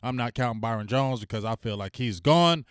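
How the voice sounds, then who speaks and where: A man hosting a casual sports livestream, talking in loose slang, venting and giving loud shout-outs. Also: medium pitch, a little fast, smooth, dry recording, studio quality. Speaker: sports talk stream host.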